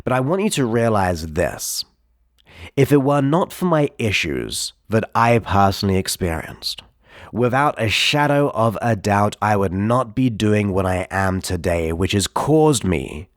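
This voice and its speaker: A man, a hypnotherapist and self-help speaker, giving an emphatic, energetic motivational talk to camera with rhetorical questions. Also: lowish voice, no room sound, studio quality.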